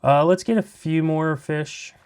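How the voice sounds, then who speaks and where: Man, let's play host, casual game commentary, laid-back, chatty, thinking out loud. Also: a little high, steady tone, a little slow, a little hiss or hum.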